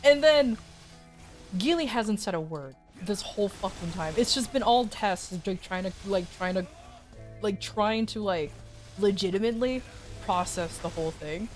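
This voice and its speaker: A woman's voice: medium pitch, moderate pace, faint music behind. A woman streamer casually telling a story, swearing freely and acting out quotes. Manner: animated, profane, acts out quotes.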